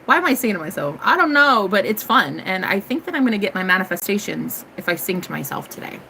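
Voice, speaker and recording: Lively, bright-voiced woman tarot reader. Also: mid-range voice, fast, creaky, a little hiss or hum, rough recording. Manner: animated, swears freely, laughs often, breaks into song. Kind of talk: casual live-stream chat.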